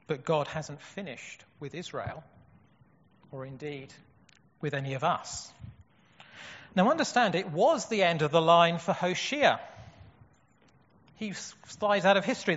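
High husky guy preaching, earnest, asks questions, dull boomy church sound. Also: fairly bright tone. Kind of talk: sermon. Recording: dull echoey hall.

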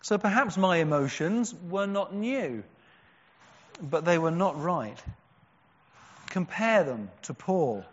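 A man preaching a sermon, earnest, with strong emphatic peaks and quiet, slow, drawn-out words. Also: on the high side, lively intonation, slightly rough. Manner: earnest, rising to emphatic cries and dropping to hushed, slow stresses. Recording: dull sound with a long hall echo.

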